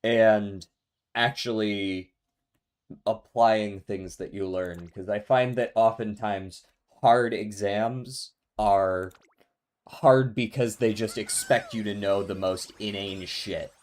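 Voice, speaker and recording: A man's voice: fairly low pitch, steady tone, slow. Laid-back man chatting on a game stream. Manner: laid-back, laughs often, talks to chat. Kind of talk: casual live-stream chat while gaming.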